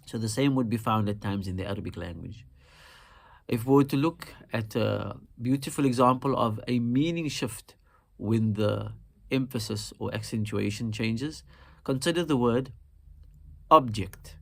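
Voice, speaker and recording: A man teaching Quran recitation, explaining in a calm, measured way and repeating example words slowly and deliberately. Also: mid-range voice, vocal fry.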